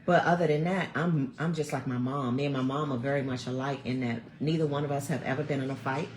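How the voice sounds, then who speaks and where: A woman in her fifties, hosting a vlog from home and chatting to viewers in a chatty, animated storytelling way. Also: a bass voice, quick pace, a little hiss or hum. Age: 50s. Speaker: vlog host. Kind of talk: casual chat to viewers. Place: at home, snowed in. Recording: roomy echo.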